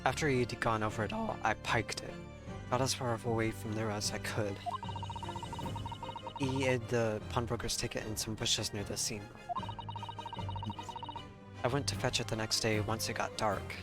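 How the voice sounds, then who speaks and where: A man reading a guarded, defiant young street girl, over loud game music. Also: fairly low pitch, steady tone, normal speed, long pauses, lightly acted. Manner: slangy, defiant, tough. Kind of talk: reading game dialogue aloud.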